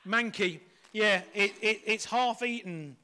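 A man's voice: sits high, slow pace, sharp tone. A middle-aged man giving a playful, chatty children's talk at church.

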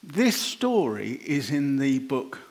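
A man preaching an informal, chatty sermon, animated and quick to laugh. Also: mid-range voice.

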